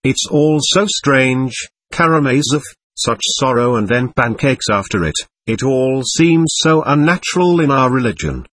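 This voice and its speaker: A man reading a novel aloud, voicing a proud teenage schoolboy who talks in a brisk, earnest and irritable way. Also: medium pitch, animated, fairly bright tone, slight background noise.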